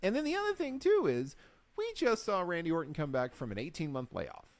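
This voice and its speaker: A man co-hosting a casual recap show, telling the story with lively acted-out quotes. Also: a little high, brisk, dry recording. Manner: animated storyteller, acts out quotes. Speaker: podcast co-host. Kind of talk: casual chat.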